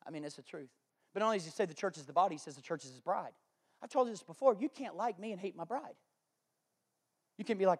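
A man with a high voice delivers a Sunday sermon. He moves between easygoing, folksy asides and repeated, emphatic lines pushed out with force. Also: fast, long pauses. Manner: emphatic and repetitive, building to loud declarations; folksy and conversational, with homespun analogies. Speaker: pastor.

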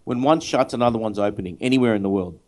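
A man's voice: fairly low pitch, fast talker, a little mellow. A man in a casual chat, loosely explaining things with hesitant fillers.

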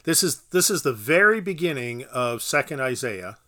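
A man's voice: mid-range voice, very animated, normal speed, sharp tone. A man explaining scripture in a casual bible study, knowledgeable and explanatory. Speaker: bible teacher.

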